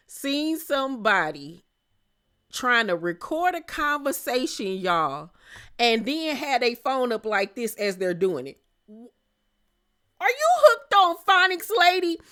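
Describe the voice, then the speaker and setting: Sassy lady doing a reality tv recap, kinda high voice, laughs a lot, loud reactions. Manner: sassy, animated, laughs and exclaims. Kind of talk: casual recap commentary.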